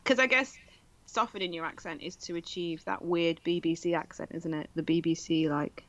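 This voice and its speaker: A woman's voice: low voice, moderate pace, no room sound, muffled recording. A woman from southern England chatting casually as podcast co-host, laughing and acting out little quotes. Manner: laughing, animated quoting of others. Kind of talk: casual chat.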